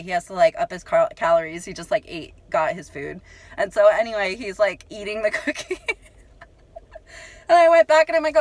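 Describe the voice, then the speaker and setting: A woman's voice: mid-range voice, no room sound, rough recording. Chatty young woman telling a story. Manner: chatty, animated, lots of "like" and laughs. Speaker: vlogger. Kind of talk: casual storytelling.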